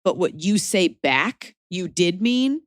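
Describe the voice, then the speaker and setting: Woman, podcast host, casual advice chat, wry, opinionated, slightly low voice, dry close sound. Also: animated, dry recording. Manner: wry and opinionated, slips into quick mock voices.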